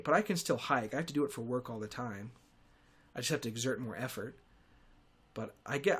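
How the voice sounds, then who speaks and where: A man's voice: medium pitch, a bit bright. A young man hosting a podcast, rambling through a comedic monologue with sarcastic, self-deprecating asides and frequent restarts. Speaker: podcast host.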